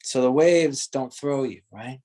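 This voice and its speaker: A man leading a guided meditation, speaking in slow, gentle, searching phrases and often laughing softly. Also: mid-range voice. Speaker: meditation teacher.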